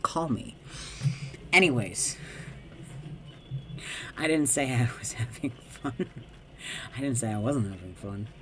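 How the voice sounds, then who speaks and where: A man's voice: mid-range voice, expressive, a little slow, pauses often, sharp tone, a little hiss or hum. A man streaming a game, cursing, joking and talking back to the screen in casual commentary.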